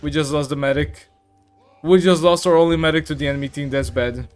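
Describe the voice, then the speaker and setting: A man's voice: on the high side, steady tone, brisk, soft background music. A man streaming a game, chatting casually, reading chat aloud and filling gaps with "like" and "uh". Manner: chatty, reads chat aloud, many fillers. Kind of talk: casual live-stream commentary.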